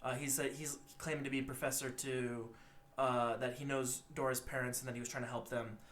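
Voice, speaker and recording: A young man co-hosting a podcast, retelling a film's plot in a rambling, animated way and acting out the characters' lines. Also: mid-range voice, fairly quick. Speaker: podcast co-host. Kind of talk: casual movie recap.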